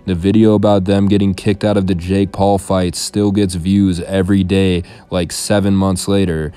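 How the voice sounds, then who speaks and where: A man hosting a commentary channel, reading viewer comments aloud and answering them in a dry, deadpan way. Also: sits low, moderate pace, clear, resonant tone. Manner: deadpan, dry monotone delivery. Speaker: YouTube commentary host.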